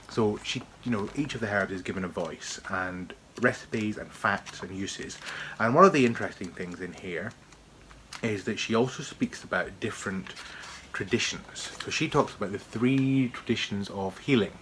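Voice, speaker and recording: A man's voice: fairly low pitch, normal speed, a bit bright, a little hiss or hum. A man giving an enthusiastic, chatty book review on video, talking with frequent restarts.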